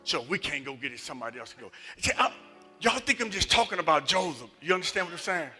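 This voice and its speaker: A man preaching a sermon and telling personal stories, moving between loud emphatic passages and hushed near-whispers. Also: fairly high pitch, lively intonation, fast, faint music behind. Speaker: associate minister. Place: church sanctuary.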